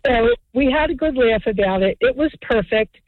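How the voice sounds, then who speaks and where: A woman calling in to a radio show and telling a prank story with lively acted-out quotes. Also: a little high, moderate pace, dry recording. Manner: animated storyteller, acts out quotes. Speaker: caller. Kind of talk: phoned-in storytelling. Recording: tinny dry phone line.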